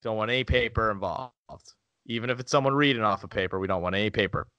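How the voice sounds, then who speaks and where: A man's voice: lowish voice, fast, bright, forceful tone, dry recording, highs cut off. A young man co-hosting a podcast, trading dry jokes in casual banter. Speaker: podcast co-host.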